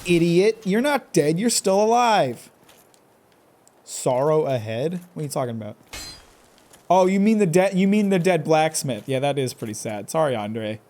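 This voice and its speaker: Man, gameplay streamer, jokey, talks back at the game, slightly high voice. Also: lively intonation, normal speed, darkish tone. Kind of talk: live gameplay commentary.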